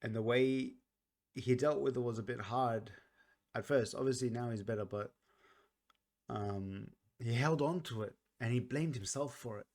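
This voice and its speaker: A man talking casually through a song's meaning, earnest and reflective, often pausing and restarting his sentences. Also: mid-range voice. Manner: earnest, reflective, soft-spoken. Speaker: music reaction vlogger. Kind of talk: casual song commentary.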